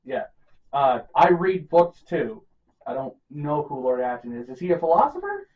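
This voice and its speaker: A man's voice: on the high side, very animated, normal speed, narrow, tinny audio. A man hosting a podcast in casual chat, rambling with many fillers and self-mocking jokes. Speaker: podcast host.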